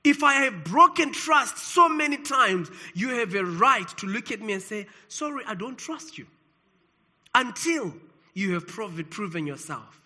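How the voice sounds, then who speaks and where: Male pastor from South Africa, sermon delivery, very high bright voice, emphatic rises and soft drops. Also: lively intonation, normal speed.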